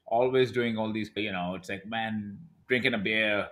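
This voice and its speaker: A man's voice: lowish voice, normal speed. A man in his thirties telling stories as a podcast guest, acting out what other people said. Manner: animated storyteller who acts out quoted dialogue. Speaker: podcast guest, e-commerce brand owner. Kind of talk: casual interview talk.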